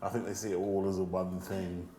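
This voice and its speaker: A man's voice: low voice, level tone, fairly quick, dark tone, slight background noise. A man author on a festival panel, blunt and joking, laughing as he talks. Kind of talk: panel discussion. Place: festival stage. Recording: echoey hall.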